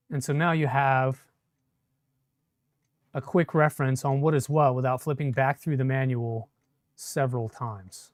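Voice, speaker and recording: A man's voice: mid-range voice, steady tone, unhurried, pauses often, no room sound, clean studio sound. A man chatting casually on a live stream while he assembles a 3D printer, answering viewer comments as he works. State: a bit shaky from caffeine.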